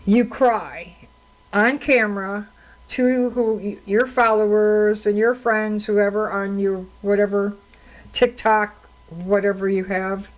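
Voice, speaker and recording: A woman's voice: medium pitch, fairly even intonation, slow pace, rough recording. A woman radio host and counselor talking on her own into a studio microphone, telling stories in an indignant, conversational way. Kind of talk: solo radio talk commentary.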